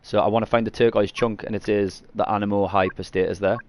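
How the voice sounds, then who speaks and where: Low-voiced man explaining a game. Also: fairly even intonation, quick pace, a little mellow, a little hiss or hum. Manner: rambling, self-correcting, frequent coughs and throat clearing. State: coughing after eating garlic. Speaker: gaming streamer. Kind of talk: casual gameplay tutorial.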